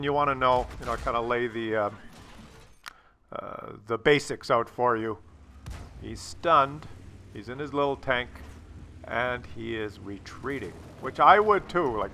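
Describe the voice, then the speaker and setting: A man giving casual, rambling commentary on a game replay, jokey and quick to get excited. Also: mid-range voice, slight background noise.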